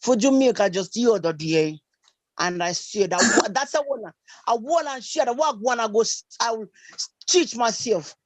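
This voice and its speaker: A woman's voice: fairly high pitch, animated, normal speed, no room sound. A Kenyan woman leading a casual online group chat, mixing Swahili and English and teasing with laughter. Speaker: group elder called Madam President.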